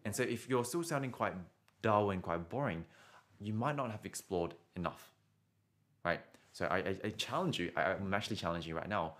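A man's voice: fairly low pitch, fairly quick, a bit bright. A man giving a casual singing lesson as a vocal coach, chatty and encouraging, often ending points with "right?" and restarting words.

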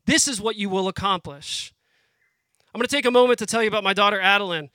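A guest speaker in his thirties preaches a sermon at a family worship program, high and sharp-voiced, earnest and conversational, calling the crowd "guys." His emotion sits close to the surface as he pauses and restarts, and the recording is dry.

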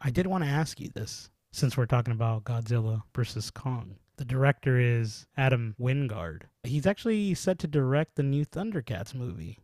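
Animated man chatting casually about movies. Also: mid-range voice, moderate pace, hardly any pauses, no echo. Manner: animated, laughing, lots of fillers. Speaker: podcast co-host.

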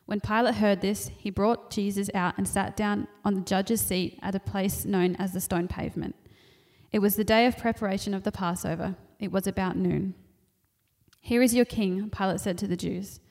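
A woman reading scripture aloud in a steady, measured way. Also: mid-range voice, creaky. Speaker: scripture reader.

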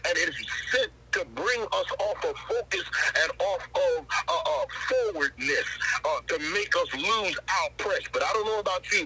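A man's voice: sits high, sharp tone, a little hiss or hum, poor audio. A man preaching and praying with fervor, repeating phrases and breaking in with hallelujah and praise the Lord. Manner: fervent, repetitive, interjects hallelujah and praise the Lord. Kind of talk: sermon and prayer.

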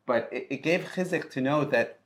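An American man hosting a conversation in a soft-spoken, encouraging way. He talks casually and prompts his guest along. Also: mid-range voice, moderate pace. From United States. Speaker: host. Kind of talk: casual chat.

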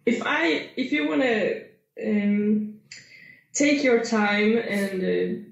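A woman's voice: mid-range voice, expressive, very slow, creaky, lo-fi sound. A young Swedish woman with a Swedish accent, a powerlifter being interviewed, speaking hesitantly with many fillers and frequent laughter. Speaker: guest powerlifter. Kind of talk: casual interview. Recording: echoey room.

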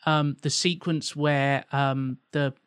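A man's voice: medium pitch, level tone, takes it slowly, a bit bright, clear, resonant tone, dry recording, clean studio sound. A man co-hosting a podcast, chatting about a film thoughtfully with stumbling restarts. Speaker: podcast co-host. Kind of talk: casual film chat.

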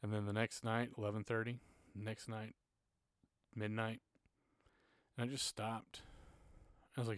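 A man's voice: on the low side, level tone, measured pace, long pauses, no room sound, clean studio sound. A man in his thirties, a church music minister, telling personal stories in a casual podcast chat, earnest and at times emotional.

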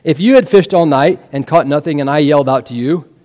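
A man preaching a sermon, telling the story in an animated way and throwing rhetorical questions at the congregation. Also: on the high side, brisk. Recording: long reverb of a large hall.

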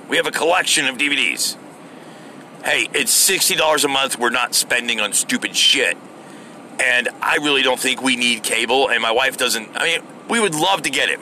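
A man's voice: on the high side, vocal fry, bright, forceful tone, slight background noise. A middle-aged American man hosting his own podcast, ranting casually and swearing freely. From United States. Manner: profane, exasperated ranting. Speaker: podcast host. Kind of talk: casual solo rant.

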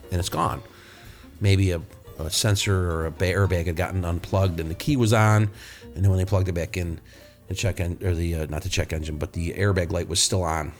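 A man with a fairly low voice tells shop stories in a loose, casual podcast style. He is blunt and swears freely, and he wanders through his anecdotes with restarts. Faint music runs underneath. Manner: blunt and profane, rambling anecdotes. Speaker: podcast host, auto mechanic.

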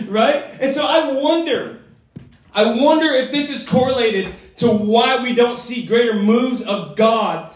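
A man preaches a sermon in a casual, energetic way, tossing in quick checks with his listeners. His voice sits high. He is heard from across a hall with heavy echo. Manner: energetic, conversational, tag questions. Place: church gathering hall. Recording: echoey hall from far off.

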